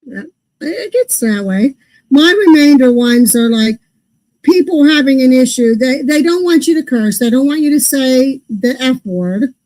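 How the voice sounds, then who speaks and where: Woman co-host, high and mellow, casually ranting through pet peeves at the table. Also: animated, a little slow, poor audio. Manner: ranting, puzzled about everyday pet peeves. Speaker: podcast co-host. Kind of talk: casual chat.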